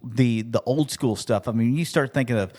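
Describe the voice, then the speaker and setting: A man's voice: mid-range voice, moderate pace. A man who works as a radio host, telling stories in a casual podcast chat and acting out the quoted lines. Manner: animated storyteller, acts out quotes.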